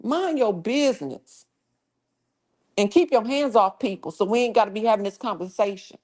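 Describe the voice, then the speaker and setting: A woman's voice: mid-range voice, animated, normal speed, a little mellow. Profane woman ranting on a livestream. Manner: profane, confrontational, scolding chat trolls. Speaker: livestream host. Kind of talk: casual livestream rant.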